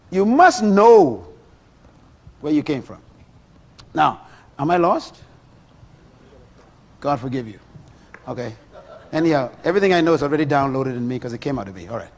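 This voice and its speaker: Middle-aged male preacher, animated sermon, rhetorical questions, lively pitch. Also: moderate pace, long pauses.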